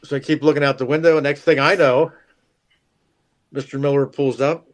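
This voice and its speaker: A man's voice: mid-range voice, steady tone, normal speed. A man, a show regular, telling a long self-deprecating story in casual chat, rambling and chuckling. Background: faint music.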